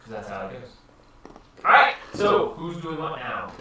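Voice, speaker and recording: Lively man narrating as game master. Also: on the high side, normal speed, noisy background. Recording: echoey room, far from mic.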